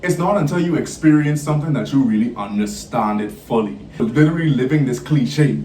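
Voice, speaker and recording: A young man telling a story in a casual, animated way, laughing and swinging his pitch up and down. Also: brisk, slight background noise. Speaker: vlogger. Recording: roomy, from a distance off the mic.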